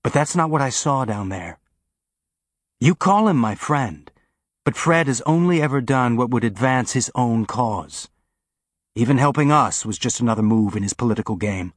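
A man's voice: medium pitch, lively intonation, normal speed, no echo, studio quality, close to an everyday voice. A man doing an intense, urgent spaceship captain.

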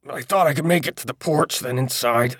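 A man voicing a curt, irritable old man who is hurt and in pain, speaking in a gruff, terse way. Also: medium pitch, a little fast, a bit bright, dry recording, studio quality, pitched above the performer's own voice. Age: older.

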